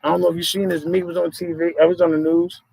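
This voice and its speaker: A man hosting a casual podcast chat, telling stories in animated streetwise slang. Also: fairly high pitch, fast talker, creaky, slight background noise, poor audio. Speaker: podcast host.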